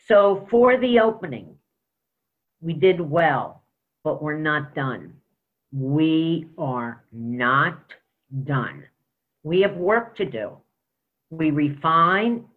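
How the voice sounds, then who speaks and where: A man serving as interim school superintendent, giving an emphatic report with stories at a school board meeting. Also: a little high. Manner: emphatic, storytelling with quoted dialogue. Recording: tinny phone-like sound.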